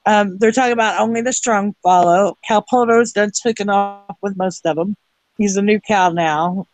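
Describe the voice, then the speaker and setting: Book club member, mid-pitch, rambling summarizer, dry close sound. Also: steady tone, moderate pace, dry recording, rough recording. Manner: rambling, many fillers while summarizing. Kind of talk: casual group chat over video call.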